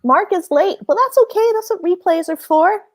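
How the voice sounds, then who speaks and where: A woman hosting a casual livestream chat, chatty and quick to laugh as she tells stories. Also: very high voice, no room sound. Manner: chatty, laughs often, lively storytelling. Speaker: host.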